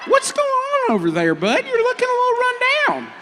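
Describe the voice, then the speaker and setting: Man as a hearty drawling prospector, high and swooping, noisy live room. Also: wildly swooping pitch, a little fast, a loud crowd, heavily acted. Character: folksy old wild-west prospector man. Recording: noisy live theater recording.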